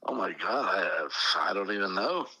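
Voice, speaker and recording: A man's voice: deep voice, lively intonation, moderate pace, sharp tone, breathy edge. A man in a casual podcast chat, mostly giving short reactions and answers. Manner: brief reactions and back-channel replies. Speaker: guest co-host.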